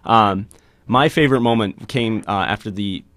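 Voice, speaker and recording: A low-pitched man hosts a podcast in a relaxed, conversational way. He sounds reflective and a little emotional. The studio sound is dry and close, with no room echo. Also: moderate pace. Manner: warm, reflective, self-described emotional guy. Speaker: podcast host. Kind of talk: casual chat. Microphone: studio microphone.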